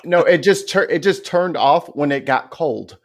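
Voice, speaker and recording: A man's voice: on the high side, expressive, moderate pace. A man on a podcast, wisecracking and laughing often in casual chat. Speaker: podcast guest.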